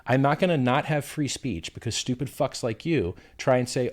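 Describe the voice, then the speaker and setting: A man's voice: medium pitch, moderate pace. A man being interviewed on a livestream, combative and profane, who hurls insults while defending himself. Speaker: interview guest.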